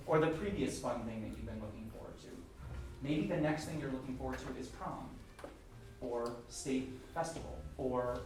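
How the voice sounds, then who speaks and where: A man coaching a choir in rehearsal, joking and energetic, sometimes singing short phrases to demonstrate and bursting into loud praise. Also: mid-range voice, a little hiss or hum. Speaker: choir clinician. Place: large rehearsal hall or auditorium. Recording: echoey hall, mic from far off, music. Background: choir and piano.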